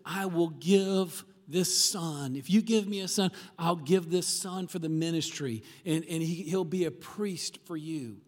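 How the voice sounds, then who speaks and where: A man's voice: on the high side, measured pace, few pauses, darkish tone, big-room sound. A man voicing a tearful woman praying for a son. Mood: pleading.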